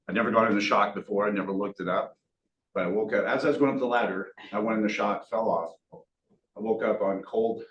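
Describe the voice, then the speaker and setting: A man's voice: fairly low pitch, lo-fi sound. A man speaking to a meeting audience, telling a survival story earnestly, with bursts of self-deprecating humor. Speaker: guest speaker. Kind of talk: motivational storytelling talk. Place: meeting room. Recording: echoey room, distant mic, faint hiss.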